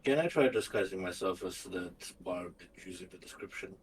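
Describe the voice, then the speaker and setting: Lowish guy playing a tabletop game, dry questions, faint room noise behind. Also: moderate pace. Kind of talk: casual in-character chat.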